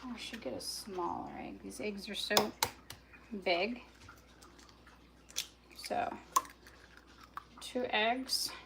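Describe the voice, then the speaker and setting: Slow-talking woman narrating her cooking. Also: medium pitch, gravelly, heavy background noise. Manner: chatty self-narration, muttering to herself, bursts of yelling at her dog. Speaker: vlogger cooking on a livestream. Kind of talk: casual talk while cooking. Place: home kitchen.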